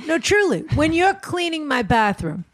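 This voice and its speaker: A woman in casual chat, blunt and bossy, giving quick-witted advice. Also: sits high, big pitch swings.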